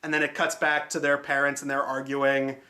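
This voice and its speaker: A man's voice: mid-range voice, monotone, fairly quick, bright, forceful tone, soft background music. A man hosting a film review show, talking casually and sarcastically and swearing often. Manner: sarcastic, swears freely, mocking.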